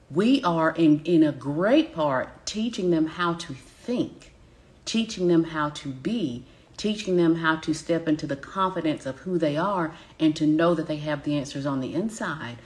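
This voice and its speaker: Southern woman, business coach, low voice, emphatic live-teaching delivery. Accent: Southern American. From Southern United States. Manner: emphatic, addresses audience directly with repeated check-ins.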